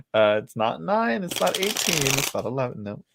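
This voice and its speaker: Chatty man with a lively voice. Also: mid-range voice, vocal fry, noisy background. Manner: chatty, laughs often, talks to viewers while shuffling cards. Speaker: tarot reader hosting a livestream. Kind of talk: casual livestream chat. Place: indoors at home.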